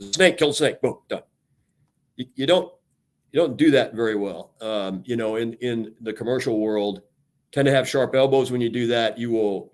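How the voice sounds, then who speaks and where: An older man, a retired admiral, talking on a radio show about leadership with passion and energy, acting out quoted lines as he goes. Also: mid-range voice. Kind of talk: casual radio talk on leadership.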